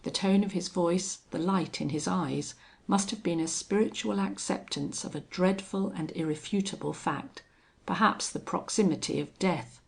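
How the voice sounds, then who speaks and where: A woman narrating a western audiobook in a steady, measured reading. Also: lowish voice, gravelly.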